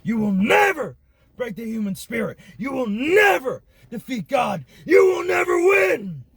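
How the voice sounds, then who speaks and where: A man's voice: high-pitched, animated, measured pace, breathy edge, no room sound, heavily acted. A man doing a ranting conspiracy talk-show host. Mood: bellowing. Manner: preachy, building to furious shouting. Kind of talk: comic impression rant.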